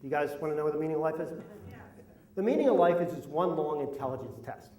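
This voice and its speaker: At a live story slam, a middle-aged man tells a comic, self-deprecating story full of complaints, speaking quickly in a higher, darkish voice. The mic is at a distance in a roomy hall at the event venue.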